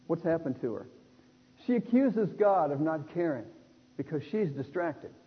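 A man preaching a sermon in an animated way, acting out the people in the text. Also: a little high, measured pace, breathy edge. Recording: dull lo-fi sound in a reverberant hall.

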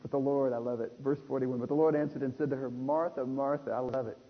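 A man preaching a sermon in an animated way, acting out the people in the text. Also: mid-range voice, very fast, slightly rough. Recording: dull lo-fi sound in a reverberant hall.

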